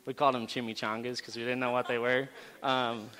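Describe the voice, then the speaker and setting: A man speaking in a relaxed, chatty storytelling voice, full of fillers and asides. He has a medium pitch, and the sound is a long, reverberant hall. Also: brisk. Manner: animated, casual storytelling with many fillers. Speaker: campus ministry speaker. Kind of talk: storytelling sermon talk.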